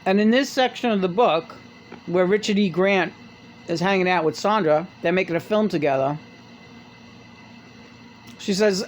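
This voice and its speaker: Brief: chatty podcast host retelling a memoir, loose and profane, medium pitch, a faint hum of ambience behind. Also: lively intonation, measured pace, pauses often. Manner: rambling, profane, full of restarts. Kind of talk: casual chat, retelling a memoir.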